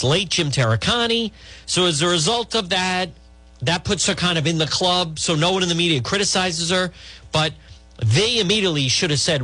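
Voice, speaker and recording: A man's voice: on the high side, sharp tone, no room sound. A middle-aged man hosting talk radio, giving blunt, rambling political opinions with many restarts.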